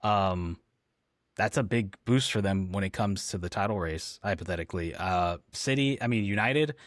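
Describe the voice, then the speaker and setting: A man's voice: deep voice, normal speed, no room sound, studio quality. A man co-hosting a casual football podcast, talking with frequent ums and restarts. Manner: hesitant, lots of ums and restarts. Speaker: podcast co-host.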